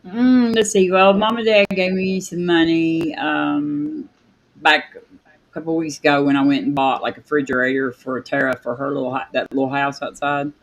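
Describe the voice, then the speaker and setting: A man's voice: fairly high pitch, little pitch movement, moderate pace, poor audio. A man from Kentucky with an Appalachian hillbilly accent, chatting casually and a bit hesitantly as host of a group call. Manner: folksy, hesitant, lots of fillers. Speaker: streamer hosting a birthday call.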